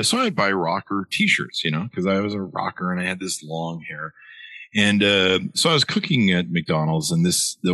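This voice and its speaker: Give me a deep-voiced middle-aged man telling an animated, rambling story, recorded dry. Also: dry recording. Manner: rambling, animated storyteller with many fillers and restarts. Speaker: author and interview guest. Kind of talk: casual storytelling in an interview.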